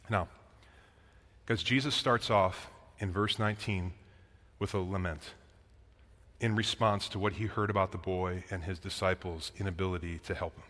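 A man's voice: sits low, normal speed, a bit bright. A man preaching a conversational sermon, reading scripture aloud and explaining it to the congregation. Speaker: pastor. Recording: long reverb of a hall.

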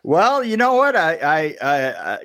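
A man's voice: on the high side, wildly swooping pitch, measured pace, a bit bright. A middle-aged man telling a story as a podcast guest, rambling, stumbling over restarts and laughing at himself. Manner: rambling, stammering restarts, self-mocking laughter. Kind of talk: casual storytelling chat.

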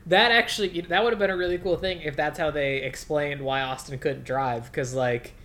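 A man chatting about a movie on a podcast, animated, laughing often and saying "like" a lot. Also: a little high, moderate pace. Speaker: podcast co-host. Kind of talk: casual chat.

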